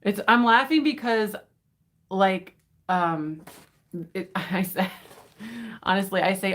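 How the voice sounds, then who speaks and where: A woman's voice: medium pitch, moderate pace, pauses often, a bit bright. A tired woman chatting on a live stream while unboxing, giddy and rambling, laughing often. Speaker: vintage reseller hosting an unboxing. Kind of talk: casual live-stream chat.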